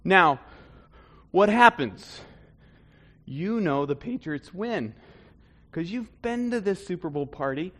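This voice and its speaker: A man preaching a conversational sermon, swinging between loud bursts and hushed asides. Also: sits high, expressive, slow pace, pauses often. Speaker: pastor.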